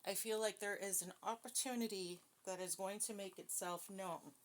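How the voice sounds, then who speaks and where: A woman's voice: mid-range voice, fairly even intonation, normal speed. A woman doing a casual spiritual card reading, chatty and self-deprecating, checking in with her viewers. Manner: chatty, self-deprecating, talks straight to viewers with frequent "okay?". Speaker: tarot card reader.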